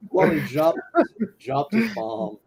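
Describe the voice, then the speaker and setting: A man bantering in a casual voice chat, self-mocking and playful. His voice sits slightly high, with a busy background of chatter behind him. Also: big pitch swings, measured pace, vocal fry.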